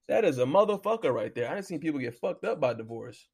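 Gravelly man ranting casually. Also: fairly high pitch, fast talker. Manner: loose, animated storytelling, heavy cursing. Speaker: podcast host. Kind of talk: casual profane commentary.

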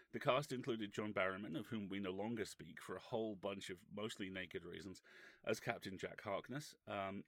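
A man's voice: on the low side, a bit bright, no echo. Sweary, wry man telling stories. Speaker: podcast co-host. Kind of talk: casual anecdote telling.

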